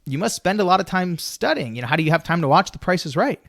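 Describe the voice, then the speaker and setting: A man's voice: high-pitched, big pitch swings, fast, gravelly, a bit bright, pitched above the performer's own voice, heavily acted. Casting producer retold in an anecdote, as a man quotes him, amused and teasing. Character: amused middle-aged male casting producer.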